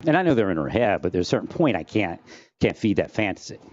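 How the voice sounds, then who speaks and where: Man, rambling vlog monologue, lively up-and-down pitch, dull lo-fi sound. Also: fast, no echo. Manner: rambling, distracted, restarts often, drifts between topics. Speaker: vlogger. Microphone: home recording setup with phantom-powered mic.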